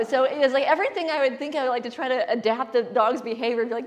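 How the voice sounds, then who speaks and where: A woman with a somewhat high voice leads a spiritual talk. She tells stories playfully and laughs often as she speaks. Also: rapid-fire, few pauses. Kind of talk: spiritual talk with call-and-response.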